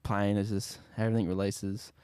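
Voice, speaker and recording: A young Australian man, a musician guest, talking casually in an interview in a laid-back, soft-spoken way that often trails off. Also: lowish voice, level tone, normal speed, smooth, no echo.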